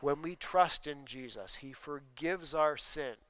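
Pastor, male, sermon delivery, smooth clear voice, slightly higher pitch, dry close sound, talks with the congregation. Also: slow, fairly bright tone, low-quality recording. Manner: conversational preaching with questions to the congregation. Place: church sanctuary during a service.

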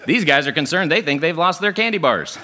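Lively pastor guy preaching, bright voice, keeps asking the room questions. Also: fairly high pitch, a little fast. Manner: animated, talks with the congregation and asks questions often. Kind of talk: sermon with audience interaction. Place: church sanctuary.

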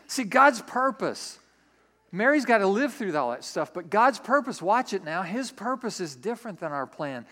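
A man preaching a sermon, animated, acting out little scenes and repeating key lines for emphasis. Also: high-pitched, normal speed. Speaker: pastor.

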